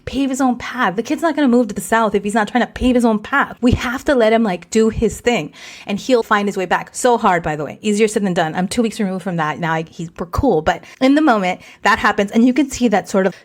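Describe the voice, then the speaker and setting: Fast-talking woman telling a family story. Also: mid-range voice. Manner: rapid, animated, sprinkles Spanish words, swears. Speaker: podcast host. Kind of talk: casual storytelling.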